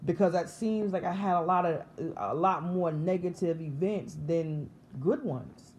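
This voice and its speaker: A woman's voice: on the low side, unhurried, a little mellow, slight background noise. Earnest woman telling a spiritual story. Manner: earnest and emotional, with many restarts and repetitions. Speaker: vlogger sharing a spiritual testimony. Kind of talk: personal storytelling to camera.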